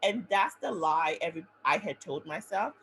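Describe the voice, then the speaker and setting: A woman physician giving a webinar talk, telling her own story in an animated way and often checking in with "right?". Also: fairly low pitch, normal speed, low-quality recording.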